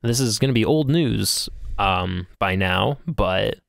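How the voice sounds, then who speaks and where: Brief: man, lowish gravelly voice, rambling storyteller on a podcast, dry close sound. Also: animated, slow pace, a bit bright, no room sound. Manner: rambling storyteller, laughs often, swears casually. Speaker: podcast co-host. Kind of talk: casual chat.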